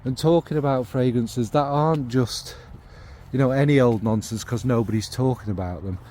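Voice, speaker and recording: Male vlogger, rambling casual delivery, middle pitch, soft background hiss. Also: moderate pace. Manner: rambling, warm and enthusiastic about scents. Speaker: fragrance vlogger. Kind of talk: casual rambling chat to camera.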